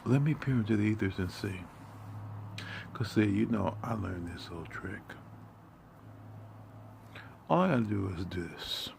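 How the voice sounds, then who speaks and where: A man delivering a profane, confrontational monologue in streetwise slang. He swings between hushed muttering and sudden loud outbursts. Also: lowish voice, lively intonation, measured pace, creaky, long pauses, slight background noise. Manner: streetwise slang, heavy swearing.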